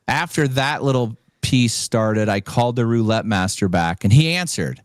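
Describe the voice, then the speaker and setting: A man hosts a casual podcast and tells a long story, acting out the people he quotes in lively, animated bursts. His voice sits at an ordinary middle pitch. The recording is dry and close, with no room sound. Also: moderate pace, no room sound. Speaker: podcast host.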